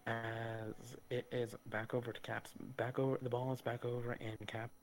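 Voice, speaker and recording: A man of medium pitch runs a tabletop game as game master, narrating events and explaining rules in a loose, casual way. A faint noise floor sits under his voice. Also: flat delivery, normal speed, rough recording.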